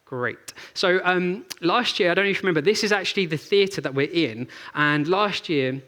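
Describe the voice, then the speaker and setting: A man's voice: high voice, moderate pace, pushed and bright. A young man giving a chatty live presentation on a theatre stage, telling stories and running a demo with plenty of fillers and restarts. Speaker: presenter at a tech event.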